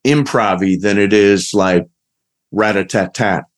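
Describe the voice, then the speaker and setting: A man's voice: fairly low pitch, measured pace. A man hosting a podcast, playful and joking in a casual, rambling chat. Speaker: podcast host.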